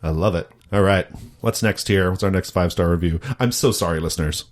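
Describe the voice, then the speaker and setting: A man's voice: sits low, brisk. A man hosting a casual podcast, teasing his co-hosts and laughing often. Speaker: podcast host. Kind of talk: casual chat.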